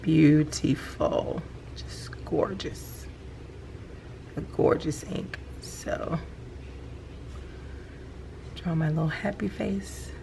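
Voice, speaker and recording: A middle-aged woman, chatting casually about her hobby at home at night and gushing with excitement. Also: low voice, very slow, gravelly, long pauses, a little hiss or hum. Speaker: planner vlogger. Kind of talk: casual show-and-tell vlog.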